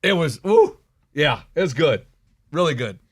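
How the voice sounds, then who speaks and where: A man co-hosting a radio morning show, gushing excitedly as he recaps things. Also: fairly high pitch, measured pace, husky, no echo, clean studio sound. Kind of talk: casual morning show banter.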